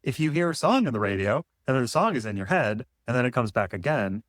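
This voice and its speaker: A man thinks out loud to the camera in a wandering, questioning monologue, cutting himself off and tossing in playful asides. His voice sits in a middling range. The sound is close and dry, with no room echo. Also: medium pitch, very animated, quick pace. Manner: musing, self-interrupting, playful asides. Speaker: vlogger. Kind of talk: rambling philosophical monologue.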